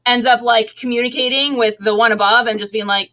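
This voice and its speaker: A woman's voice: on the high side, fairly even intonation, fast, hardly any pauses, pushed and bright. A middle-aged woman, an online seller, talking casually as an interview guest with a chatty, laughing manner and many restarts.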